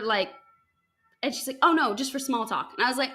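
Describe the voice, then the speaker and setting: A woman's voice: fast talker, soft background music. Chatty young American woman telling a story. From United States. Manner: chatty, animated quotes with high-pitched acted lines, frequent likes and ums. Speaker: podcast host. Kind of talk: casual storytelling.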